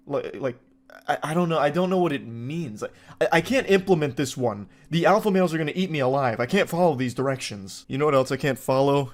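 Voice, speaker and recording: A man commentating on online posts, mocking them in a dry, incredulous way. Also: medium pitch. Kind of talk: sarcastic reaction commentary.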